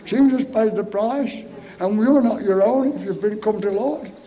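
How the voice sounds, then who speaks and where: A high-pitched but mellow man preaches with fervour at a revival meeting. He pleads and coaxes his flock emotionally, stumbling over repeated starts as the feeling runs ahead of his words. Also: moderate pace, dull audio.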